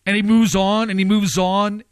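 A man preaching and commenting, firing off rhetorical questions with his pitch swinging up and down. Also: little pitch movement, normal speed, clear, resonant tone, dry recording.

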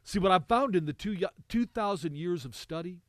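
A man preaching a sermon, emphatic, repeating words for weight, swelling loud and then dropping low. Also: expressive, normal speed, no echo.

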